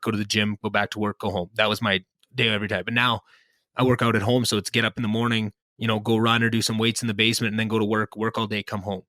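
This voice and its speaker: A man's voice: lowish voice, pushed and bright, dry recording. A young man hosting a podcast, chatting casually and rambling with many restarts and self-deprecating asides. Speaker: podcast host. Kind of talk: casual chat. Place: home basement. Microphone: podcast mic.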